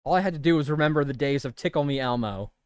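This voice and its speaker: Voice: mid-range voice, fast, clear, resonant tone, no room sound. A streamer in their thirties chatting casually and rambling while playing a video game. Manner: chatty, self-amused, rambling.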